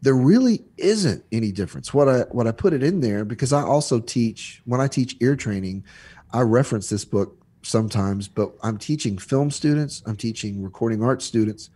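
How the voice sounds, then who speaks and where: A man talking as a guest on a podcast, explaining sound mixing in a halting way with lots of restarts and examples. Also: medium pitch, animated, warm tone, breathy edge. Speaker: audio educator guest. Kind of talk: casual podcast chat.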